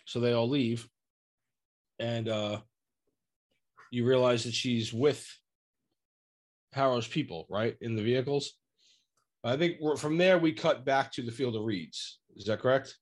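Animated man recapping a show. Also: medium pitch, measured pace, pauses often. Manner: animated, acts out quotes. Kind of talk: casual recap chat.

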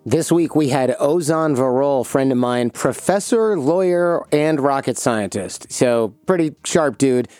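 A man hosts a podcast, recounting a funny story in a lively voice, laughing as he goes. His voice sits in the middle range and the studio recording is dry and close, with no room sound. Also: mid-range voice, a little slow, hardly any pauses, no room sound, faint music behind. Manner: animated, laughing while telling a story. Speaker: podcast host. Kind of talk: casual storytelling chat.

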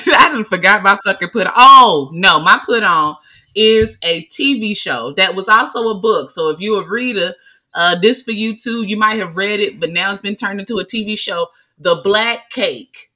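Bright, animated woman co-hosting a podcast. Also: mid-range voice, moderate pace. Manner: animated, swearing, loud exclamations. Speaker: podcast co-host. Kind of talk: casual chat.

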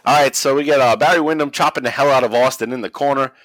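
A man talks through a match in loose, profane podcast chatter, laughing often and slipping into goofy voices. His voice sits at an ordinary middle pitch. It is recorded close and dry. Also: fast, a bit bright, no room sound, rough recording. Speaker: podcast co-host recapping wrestling. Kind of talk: casual chat, play-by-play recap.

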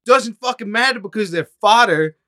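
A man's voice: sits high, moderate pace. A man in casual, profane chat, ranting scornfully about a movie. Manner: animated, scornful ranting, heavy swearing.

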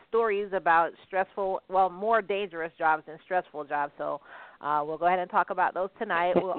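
A woman's voice: mid-range voice, no room sound. A woman hosts a casual online radio panel, joking with her co-hosts and laughing easily. Her voice comes through a thin, phone-like line, with a dry, close sound. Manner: teasing, laughs often. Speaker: radio show host. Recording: tinny phone-like online call.

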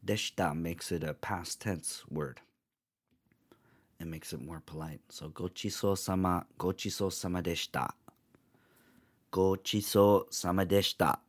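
A man hosting a podcast, giving a spoken language lesson and patiently repeating each phrase slowly several times. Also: deep voice. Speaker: podcast host teaching travel phrases.

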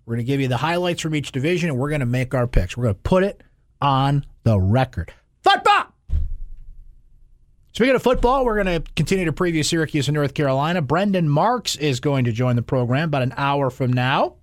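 A man hosting a sports talk radio show, animated, swinging between loud shouts and hushed asides. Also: mid-range voice, fast, no room sound, studio quality. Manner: animated, bursts into loud shouts then drops to whispers.

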